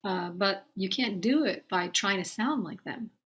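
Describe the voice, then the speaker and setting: A woman teaching singing in a calm, explanatory way, addressing her students directly. Her speaking voice sits at an ordinary middle pitch. She breaks off here and there to sing short demonstrations. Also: unhurried, slightly rough.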